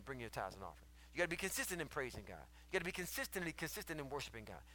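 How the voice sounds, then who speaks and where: A man preaching a sermon, in rhythmic, repeating phrases that swell loud and high and then drop low. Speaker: preacher and podcast host.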